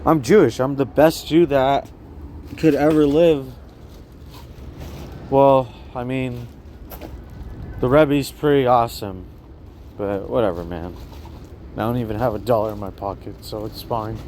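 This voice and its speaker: A man's voice: medium pitch, a little slow, pauses often, a little mellow, slight background noise. A man filming himself outdoors on a city street with a handheld phone, talking in an agitated, repetitive, rambling way and asking the viewer over and over whether they see what he sees. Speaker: vlogger. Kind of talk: rambling self-filmed monologue.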